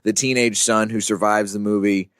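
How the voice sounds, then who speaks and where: A man's voice: lowish voice, steady tone, moderate pace, a bit bright, smooth, no room sound. Man hosting a casual movie podcast. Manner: enthusiastic, explains plot at length. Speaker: podcast host.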